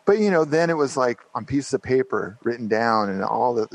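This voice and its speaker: Casual storytelling on a podcast: a guest in his fifties meanders through his tale with plenty of fillers and restarts. He speaks fairly quickly in an expressive mid-range voice, with no echo but a rough recording quality.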